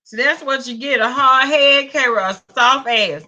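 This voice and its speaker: A woman's voice: sits high, normal speed, sharp tone, rough recording. A woman with a Southern US accent hosting a casual livestream, greeting viewers by name and calling them pet names. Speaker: livestream host. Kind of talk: casual live-stream chat.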